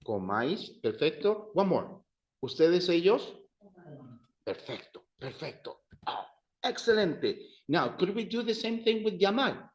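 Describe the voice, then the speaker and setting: A man's voice: high-pitched, big pitch swings, a little slow. A man teaching an adult-education class, patiently walking students through conjugation drills and praising their answers. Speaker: Spanish teacher. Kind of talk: adult-education language lesson. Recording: roomy, dull classroom sound.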